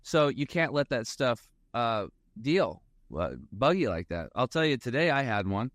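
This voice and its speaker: Very animated yet speaking at a normal pace, this financial advisor guest has a mid-range, fairly bright voice. He tells rambling stories on a casual podcast and acts out bits of dialogue, captured in clean studio audio with no echo.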